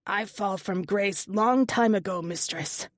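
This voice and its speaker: A woman voicing an old male lizard servant who speaks in broken, halting English, anguished and loyal, in an audiobook. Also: mid-range voice, no room sound, clean studio sound, lightly acted.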